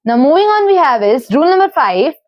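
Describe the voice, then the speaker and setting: A woman's voice: high voice, very animated, quick pace, no echo, dull audio. A woman with an Indian English accent, teaching grammar rules and patiently spelling out word forms.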